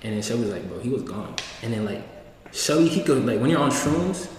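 A man's voice: medium pitch, expressive, fairly quick. A young man telling a rambling story in casual slang, acting out what people said. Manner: slangy, rambling, acts out quoted lines. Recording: echoey room, distant mic, faint hiss.

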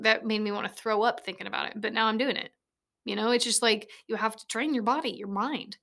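Casting: late-twenties woman, podcast host, blunt, profane, rambling, quick to laugh, studio mic. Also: a little high, steady tone, creaky, bright, forceful tone. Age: late 20s. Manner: blunt, swears often, laughs easily, rambling. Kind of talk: casual solo podcast monologue. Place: small converted shed recording studio. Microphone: studio microphone.

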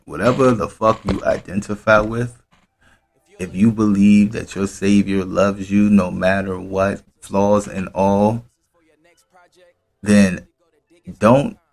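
Deep, gravelly, slow male podcast host. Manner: slow, halting, profane preaching with sighs. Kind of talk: casual podcast commentary.

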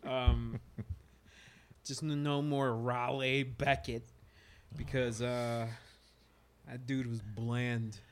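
Excitable man swearing through movie talk. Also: mid-range voice, extremely slow, long pauses. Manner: enthusiastic, profane, laughs often. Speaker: podcast co-host. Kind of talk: casual chat about films.

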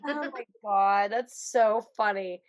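A woman's voice: medium pitch, slow pace. A woman co-hosting a casual chat, talking in a playful, joking way.

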